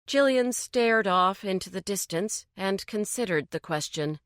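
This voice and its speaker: A woman narrating an audiobook in a measured, even way. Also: fairly low pitch, dry recording, studio quality. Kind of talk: scripted narration.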